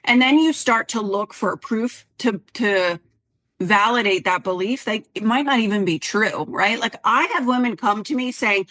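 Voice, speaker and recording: A woman's voice: on the high side, moderate pace. A woman co-hosting a health podcast, talking casually and acting out her clients' words. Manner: chatty, animated quoting of clients. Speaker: podcast co-host, health coach.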